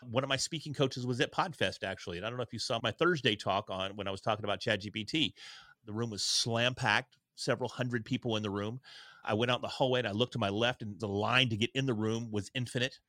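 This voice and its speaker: A man in his forties, a podcast guest on a video call, telling candid stories in an earnest, energetic, self-deprecating way. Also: mid-range voice, fast, no room sound. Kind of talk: candid conversational storytelling.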